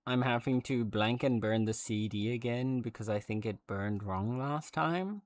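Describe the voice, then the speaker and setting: A man's voice: mid-range voice, no echo. Rambling male streamer, dry sound. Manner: rambling, chatty, full of fillers and restarts. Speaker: livestreamer. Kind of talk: casual livestream chat.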